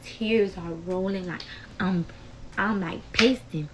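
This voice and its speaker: A woman's voice: medium pitch, slow, background noise. A young adult woman telling a heated story to her viewers in a casual, emotional vlog style, talking straight to them as y'all. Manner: chatty, addresses viewers as y'all. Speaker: storytime vlogger.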